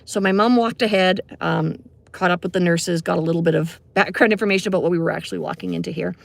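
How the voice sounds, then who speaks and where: A middle-aged Canadian music teacher tells a personal story in a relaxed, conversational manner, packed with fillers and side remarks. Her voice is fairly low, creaky, and fast. The recording has no echo.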